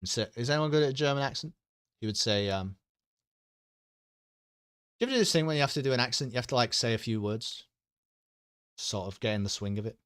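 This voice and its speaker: A man's voice: on the low side, lively intonation, a little fast, pauses often, a bit bright, no room sound, studio quality. A man chatting casually with his stream audience, rambling, joking and swearing freely.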